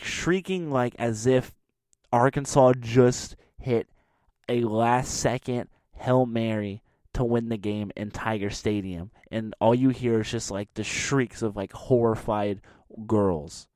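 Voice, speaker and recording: A man giving a sports commentary as an animated, mocking rant, acting out the quotes he tells. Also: mid-range voice, dry recording, studio quality.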